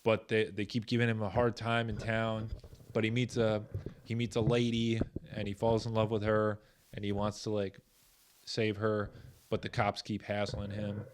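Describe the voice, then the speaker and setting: A man hosting a podcast, chatting casually in a relaxed, laid-back way. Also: fairly low pitch, moderate pace, slight background noise. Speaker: podcast host. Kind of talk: casual chat.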